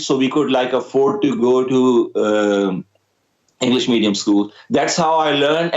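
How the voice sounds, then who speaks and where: A man's voice: a little high, roomy sound, lo-fi sound. A young man from Pakistan with a Pakistani accent, an Urdu speaker, talking as a guest musician in a casual interview, hesitant with many fillers. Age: young adult.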